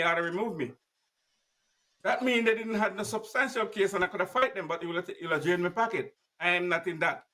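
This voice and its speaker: Emphatic man, fairly high voice, far mic. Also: pushed and bright. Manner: emphatic, plain-spoken storyteller acting out dialogue. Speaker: guest. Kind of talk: personal storytelling.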